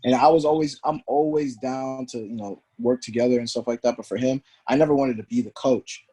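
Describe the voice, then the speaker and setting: Husky guy talking fast, tells his story all animated, does the voices of people he quotes. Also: mid-range voice. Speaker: guest, former pro soccer player. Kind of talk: storytelling in conversation.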